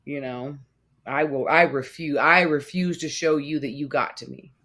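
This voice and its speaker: A woman with a lowish voice talks through a casual podcast conversation. She tells her stories in an animated way and often jumps up in pitch to act out what others said. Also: normal speed. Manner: animated storytelling, acts out quotes in raised voice. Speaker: podcast co-host.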